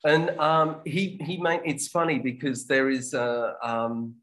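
A man runs an online English lesson at a middle pitch, talking through examples in a relaxed, explanatory way. He pauses often on fillers as he moves on to the next clip. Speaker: English teacher.

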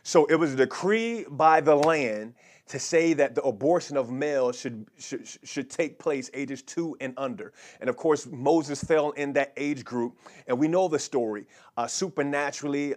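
A man's voice: medium pitch, normal speed. Man teaching a sermon, many repeated words. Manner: has the audience repeat declarations aloud. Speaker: pastor.

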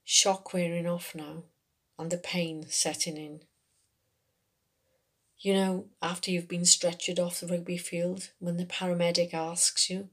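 A woman reading a first-person short story, telling it in an unhurried, conversational way in a working man's dialect. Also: fairly low pitch, flat delivery. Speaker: story reader.

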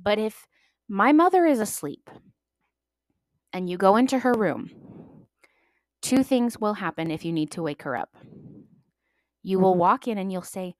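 A young adult woman hosting a podcast, telling stories in a chatty, animated way and acting out the voices of people she quotes. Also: medium pitch, measured pace, pauses often, no room sound, studio quality. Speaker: podcast host. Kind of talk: casual storytelling monologue.

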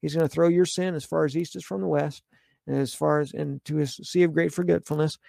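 A man's voice: fairly high pitch, fairly even intonation, fairly quick, vocal fry, mellow, no room sound, clean studio sound. A man, a pastor with a children, giving an earnest, repetitive sermon on a podcast.

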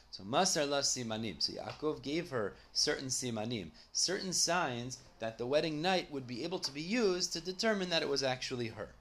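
A man's voice: mid-range voice, lively intonation, normal speed, fairly bright tone. A man teaching a Talmud study lesson, who reads each line aloud and then explains it in English.

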